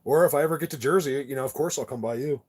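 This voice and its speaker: A man's voice: medium pitch, rapid-fire, darkish tone. A man hosting a casual livestream chat, rambling and insistent, with many restarts and repeated words as he talks to his viewers. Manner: earnest and insistent. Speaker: channel host talking to live chat viewers.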